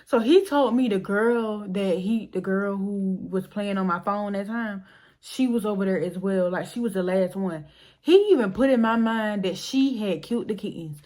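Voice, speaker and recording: Animated young woman telling a storytime. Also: medium pitch, normal speed. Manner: animated and emotional, addresses viewers directly, swears. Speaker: storytime vlogger. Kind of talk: casual storytime chat.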